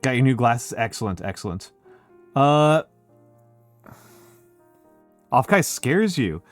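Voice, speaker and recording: Soft music sits behind a middle-aged VTuber streamer from Chicago who speaks slowly in a mid-range, sing-song voice. His accent is Chicago with a hint of New York. The chat is casual and meandering, full of fillers and self-corrections.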